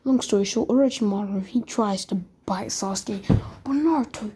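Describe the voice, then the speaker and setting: A young woman casually retelling a fan-fiction story as a YouTuber, rambling in a soft, whispery way. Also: mid-range voice, moderate pace, slight background noise.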